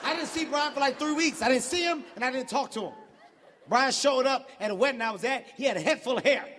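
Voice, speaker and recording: High-pitched shouting stand-up comedian. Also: male voice, quick pace. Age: 40s. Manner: loud, profane, swooping pitch, shouts punchlines. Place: large arena stage. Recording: big hall with crowd and laughter.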